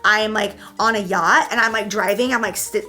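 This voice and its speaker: A woman hosting a casual couple Q&A chat, animated and quick to act out her stories. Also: mid-range voice. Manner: animated, acts out voices and stories. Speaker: host.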